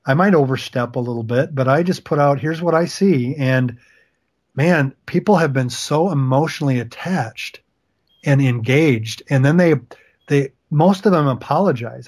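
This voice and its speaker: A man with a medium-pitched, darkish voice speaks at normal speed as a guest author and coach in a faith-based interview. He sounds earnest and encouraging, using emphatic repetitions.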